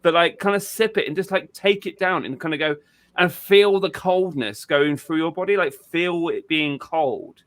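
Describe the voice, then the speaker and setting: A man's voice: fairly high pitch, moderate pace, fairly bright tone. Chatty man hosting a podcast, swearing freely. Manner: casual, swears freely, repeats words. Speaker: podcast host. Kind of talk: casual podcast chat.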